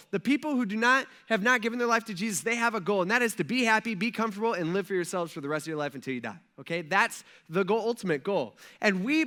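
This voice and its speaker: Male pastor with a high, ringing voice, preaching a casual, story-driven sermon. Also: sharp tone. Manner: casual storytelling with slang and frequent asides; addresses the congregation directly. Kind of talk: conversational sermon.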